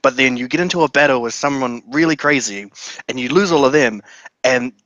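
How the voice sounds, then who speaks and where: A man's voice: medium pitch, fairly quick, fairly bright tone, dry recording, dull audio. A man with a mid-range voice speaks in a laid-back way as a podcast co-host. He gives frequent affirmations and laughs easily while chatting. His voice is recorded dry and close. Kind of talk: casual chat.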